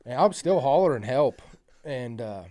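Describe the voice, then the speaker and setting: A man's voice: medium pitch, measured pace. Man, casual podcast storyteller; rambling, profane, many fillers. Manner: gets loud and excited at the climax.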